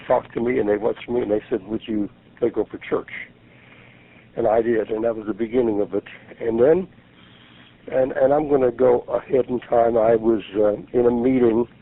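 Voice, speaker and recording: A man's voice: mid-range voice, a little hiss or hum. A man in his seventies, a pastor, telling his story earnestly in a radio interview and acting out what people said. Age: 70s. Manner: earnest, retells events by acting out the voices. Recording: gravelly voice over a tinny phone line.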